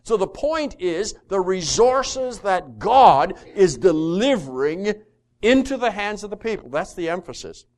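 Leading a Bible study, this man speaks in a high voice at a slightly slow pace. He's lively, reading passages of scripture aloud and quizzing his listeners.

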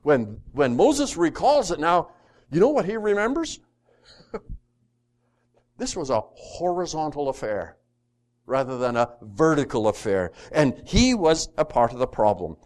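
His voice sits on the high side and moves a little slowly as he teaches a Bible study. With lively energy, he reads scripture out loud and asks the group questions.

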